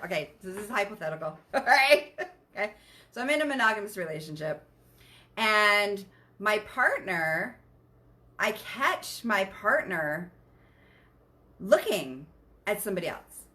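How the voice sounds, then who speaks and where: Bright-voiced, candid woman coach. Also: mid-range voice, unhurried, long pauses. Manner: candid and animated, swears freely, acts out quoted outbursts. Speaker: sexual wellness coach, podcast guest. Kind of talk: casual explanatory talk.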